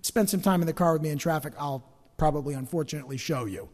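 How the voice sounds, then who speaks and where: A man's voice: a little high, quick pace, darkish tone. A middle-aged male pastor preaching a sermon to a congregation with humor and self-mockery, acting out everyday complaints as he goes. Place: church sanctuary. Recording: reverberant church hall.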